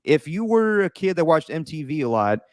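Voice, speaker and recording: A man co-hosting a casual podcast chat, animated and mocking, tossing in quick impressions. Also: a little high, dry recording, clean studio sound. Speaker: podcast co-host.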